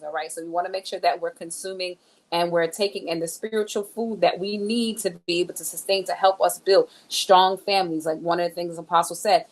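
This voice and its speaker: A woman co-hosting a church sermon recap, chatting with viewers and checking in with "right?" and "all right.". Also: lowish voice. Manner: nerdy, enthusiastic about books. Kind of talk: casual church recap talk.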